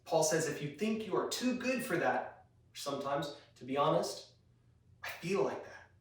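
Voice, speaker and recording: A man's voice: on the high side, lively intonation, moderate pace. A man preaching to a youth group, earnest and direct, asking the listeners many questions. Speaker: youth pastor. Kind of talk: youth sermon. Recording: very echoey room, voice from a distance.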